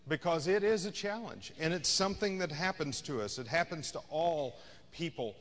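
A man's voice: on the high side, normal speed, a bit bright, big-room sound. A man preaching a sermon as a pastor, in a conversational style that rises and falls in intensity. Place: church sanctuary.

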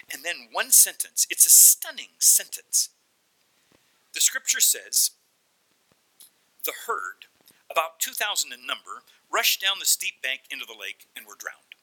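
Animated male preacher with a bright voice. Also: fairly high pitch, a little slow, long pauses, rough recording. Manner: animated storyteller, acts out voices. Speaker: pastor. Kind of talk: sermon.

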